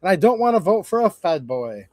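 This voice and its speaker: A man with a high-pitched voice rants on his live stream, mocking and sarcastic, wandering from point to point. The sound is close and dry, with no room around it. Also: very animated, brisk, darkish tone, no room sound. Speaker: channel host. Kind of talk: live-stream commentary rant.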